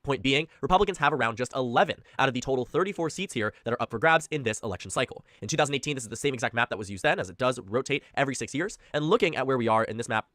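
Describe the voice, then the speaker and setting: A man narrating a scripted political explainer video in a brisk, informative way. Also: mid-range voice, expressive, a bit bright, no room sound, clean studio sound.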